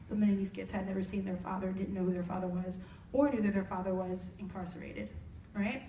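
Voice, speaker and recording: A woman who works as a music therapist, speaking softly and casually to campers between songs. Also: mid-range voice, fairly even intonation, quick pace, few pauses, a little hiss or hum. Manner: soft-spoken, conversational, with y'all. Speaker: singer-songwriter and music therapist. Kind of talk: casual talk to campers and live singing. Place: camp room, live performance. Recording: roomy, distant mic, with loud guitar. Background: guitar playing.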